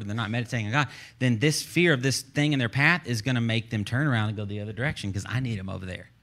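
Bright-voiced Texan pastor preaching. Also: male voice, medium pitch. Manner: animated, joking, conversational preaching. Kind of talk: sermon. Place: church stage.

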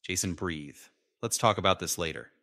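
A caring young woman speaks gently and with concern, trying to calm her partner. A man acts her out in a slightly raised voice, recorded dry and close in an animated story. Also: low voice, normal speed, no room sound, full character voice.

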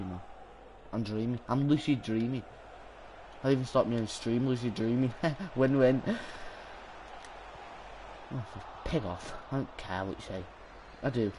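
A young man commentating his own live gameplay stream, excitable, swearing and yelling at the game. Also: mid-range voice, slight background noise. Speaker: gaming streamer.

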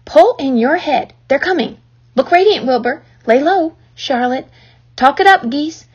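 A woman voicing a wise, bossy old female sheep who gives urgent, hushed orders in a children's story. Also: high-pitched, lively intonation, measured pace, pitched above the performer's own voice. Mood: commanding. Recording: dull lo-fi recording.

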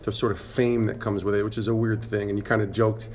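A male podcast host asking halting, searching interview questions. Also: on the low side, flat delivery, a little hiss or hum.

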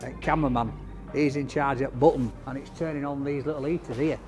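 A man's voice: mid-range voice, fairly even intonation, quick pace, music in the background. A man doing a chatty, jokey takeaway review in a cold outdoor makeshift greenhouse. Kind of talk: casual food review.

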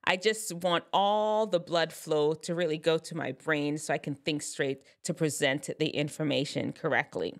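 A woman's voice: deep voice, steady tone, normal speed, hardly any pauses. A woman giving advice in a chatty, loose way, often correcting herself mid-sentence as she explains science terms. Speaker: advice vlogger. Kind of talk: casual explanatory talk.

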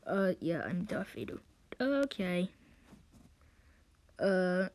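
A woman's voice: medium pitch, measured pace, a little mellow. A woman rambling through an improvised story retelling, full of hesitations, jumping between put-on character voices and whispers.

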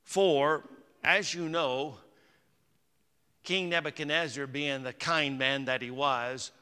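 Bright-voiced preaching pastor in a reverberant church. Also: male voice, fairly high pitch, fairly even intonation, takes it slowly, clear, resonant tone. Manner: conversational preaching, rising to emphatic peaks. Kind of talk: sermon. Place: church sanctuary. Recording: long hall reverb.

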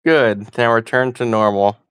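A woman's voice: very deep voice, fairly even intonation, unhurried, smooth, dry recording, studio quality. A woman testing a voice assistant, giving short, hesitant commands with frequent "uh". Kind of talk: casual spoken requests.

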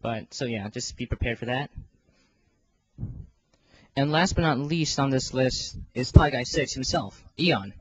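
A man's voice: medium pitch, measured pace, long pauses, breathy edge, no room sound. Rambling teenage guy, dull lo-fi mic. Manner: rambling and self-deprecating, many fillers and restarts. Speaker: video creator organizing a fan voice series. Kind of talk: casual rambling vlog.

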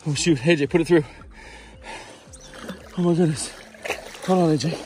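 A man hosting a fishing vlog, exclaiming and shouting excitedly outdoors at a river spillway. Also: on the high side, moderate pace, background noise. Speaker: fishing channel host.

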